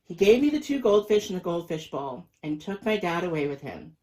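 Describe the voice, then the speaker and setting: Guy reading a kids picture book, really lively up and down delivery. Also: a little high, brisk, low-quality recording. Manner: lively, expressive storytelling. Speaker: storybook reader. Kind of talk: children's picture book read-aloud.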